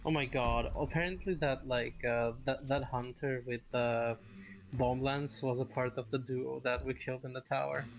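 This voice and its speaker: A man with a gravelly, fry-heavy voice talks through a team shooter match in easy, chatty banter, cursing offhand. His voice sits at an average pitch, and the recording carries a clear layer of background noise. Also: moderate pace. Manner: relaxed, chatty, swears casually. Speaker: gaming stream co-player. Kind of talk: casual gaming chat.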